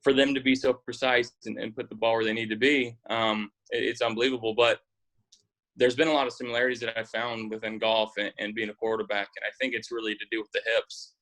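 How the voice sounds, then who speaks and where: Bright-voiced young man. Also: lowish voice, fast talker, poor audio. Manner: relaxed, rambling with fillers. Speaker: football quarterback guest. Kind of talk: casual interview chat.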